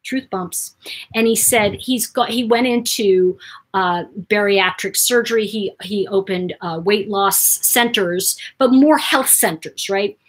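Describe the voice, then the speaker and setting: A woman hosting her own channel, telling a personal story to camera in an animated way, jumping between loud bursts and near-whispers. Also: mid-range voice, measured pace, husky. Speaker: host.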